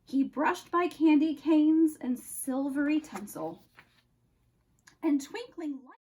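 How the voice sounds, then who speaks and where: Slow, expressive woman reading a storybook. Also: sits high, low-quality recording. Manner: expressive, slow, dramatic pauses. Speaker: storyteller, counselor. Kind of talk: storybook read-aloud.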